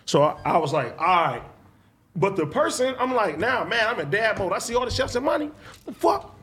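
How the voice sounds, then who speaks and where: Man, high voice, big swings in pitch, casual storytelling, profane, animated. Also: brisk, husky.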